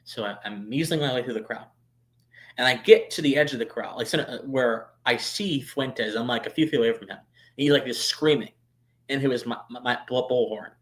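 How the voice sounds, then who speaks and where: Guy on his stream telling a story, talky, lots of likes and restarts, goes quiet then suddenly loud, mid pitch. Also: brisk. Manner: animated, swings from hushed asides to loud bursts; chatty, many fillers and restarts. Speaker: streamer and show host. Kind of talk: casual storytelling on a live stream.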